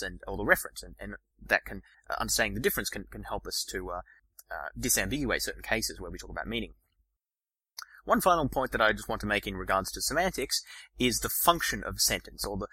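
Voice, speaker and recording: A man hosting a podcast, explaining ideas in a lecture style, talking fast with frequent restarts and fillers. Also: medium pitch, pushed and bright, dry recording, low-quality recording. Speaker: podcast host.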